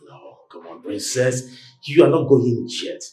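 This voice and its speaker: A man's voice: mid-range voice, animated, a little slow, dark tone, reverberant, lightly acted. A man playing a pushy, wheedling suitor. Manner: wheedling, pushy, then apologetic. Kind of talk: Nollywood film acting.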